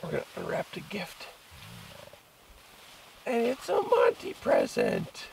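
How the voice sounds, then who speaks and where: A man on a camping trip talks to his dogs in a cooing, playful sing-song. His gravelly voice moves slowly and swings widely in pitch. The camera audio carries plain background noise. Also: huge pitch swings, a little mellow, poor audio. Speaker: outdoor vlogger. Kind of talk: casual talk to his dogs. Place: outdoors camping, in a tent.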